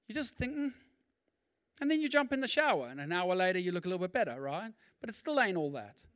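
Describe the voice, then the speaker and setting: A male pastor with a high voice preaches in a lively, conversational manner, throwing in quick asides and acting out quotes.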